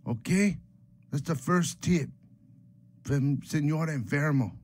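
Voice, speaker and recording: A man's voice: fairly high pitch, slow pace, darkish tone. A man voicing a boastful, joking streetwise homeboy character who rambles and mixes Spanish slang words into his English, in a comedic character monologue. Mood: swaggering. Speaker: comic book collecting vlogger.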